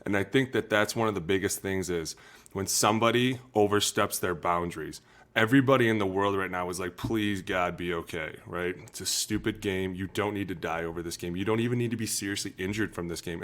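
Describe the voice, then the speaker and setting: Earnest low-voiced former football player. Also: male voice, a bit bright. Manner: earnest, emotional, talks fast and acts out quotes. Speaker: former NFL lineman, podcast analyst. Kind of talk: candid podcast talk.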